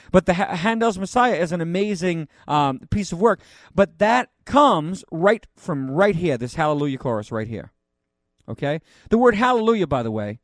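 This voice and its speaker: A man, a pastor, teaching the Bible verse by verse in a conversational way, with joking asides and loud, emphatic readings of the scripture. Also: a little high, no echo, studio quality.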